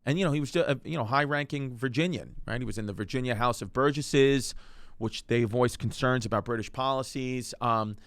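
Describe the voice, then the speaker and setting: In a brisk, medium-pitched voice with a fairly bright tone, a comedic history podcast host spins a rambling, jokey tale aimed right at the listener. The recording is dry.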